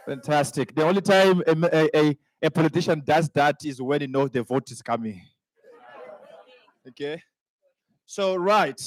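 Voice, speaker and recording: A male master of ceremonies at a summit with a fairly high voice, heard close and dry. He chats and jokes with the room as he introduces the next panel, stumbling over the guests' names. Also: no room sound. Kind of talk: event hosting, introducing a panel. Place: conference hall.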